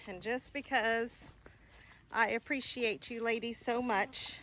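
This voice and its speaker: A woman's voice: on the high side, steady tone, takes it slowly, a bit bright, a little hiss or hum. A woman homesteader casually vlogging outdoors at a chicken coop, chatty and laughing, cooing at her animals. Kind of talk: casual vlog narration.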